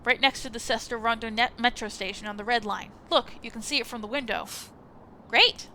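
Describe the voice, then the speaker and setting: A woman's voice: fairly high pitch, brisk, sharp tone, a little hiss or hum. A woman voicing an awkward, apologetic male sociologist landlord who rambles and stammers, reading a visual novel aloud. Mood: fawning.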